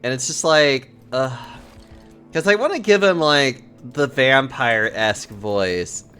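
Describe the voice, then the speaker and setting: A man's voice: medium pitch, lively intonation, slow, pushed and bright, clean tone, soft background music. A man streaming a game, chatting casually with friends, with lots of "like" and easy laughter. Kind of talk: casual gaming chat.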